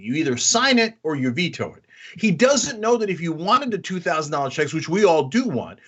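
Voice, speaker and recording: A man hosting opinionated political commentary, animated and mocking. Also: high-pitched, breathy edge. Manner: animated, mocking, mimics others in exaggerated voices.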